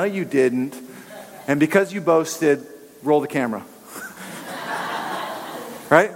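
A man's voice: on the high side, big-room sound. A male preacher giving a conversational, emphatic sermon who acts out the voices he quotes.

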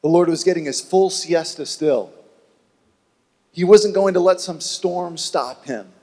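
A man's voice: high-pitched, a little slow. Man preaching with a long hall echo. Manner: animated storytelling, acting out voices. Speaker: pastor. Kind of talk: sermon.

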